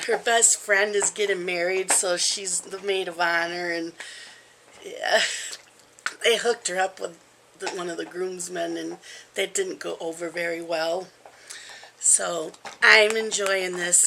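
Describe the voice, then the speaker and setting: A woman's voice: medium pitch, creaky, pushed and bright, slight background noise. A woman in her fifties chatting casually at home in a rambling vlog, with frequent ums. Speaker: crafting vlogger.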